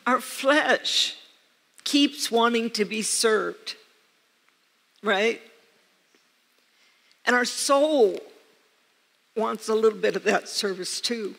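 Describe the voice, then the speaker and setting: A woman preacher telling a personal story to her congregation in an earnest way, with soft laughs along the way. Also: on the high side, very slow, gravelly, pauses often. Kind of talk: sermon. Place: church hall. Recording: church hall reverb.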